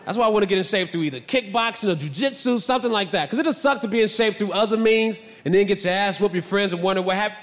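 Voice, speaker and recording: A male stand-up comedian telling stories in an animated, boisterous, self-mocking way. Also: high-pitched, fast, big-room sound. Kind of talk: stand-up storytelling.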